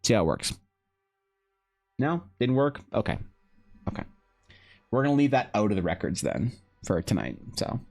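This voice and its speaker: A man streaming live while drawing, chatting casually in a rambling, joking way with animated asides. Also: on the low side, moderate pace, vocal fry, long pauses, soft background music. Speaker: streamer and game master. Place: home streaming setup.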